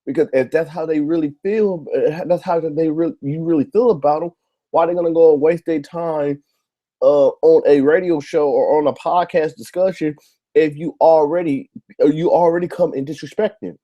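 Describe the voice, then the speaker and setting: A man's voice: on the high side, steady tone, normal speed, mellow, muffled recording. Heated, profane man ranting on his show. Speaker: YouTube show host. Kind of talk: ranting monologue to camera.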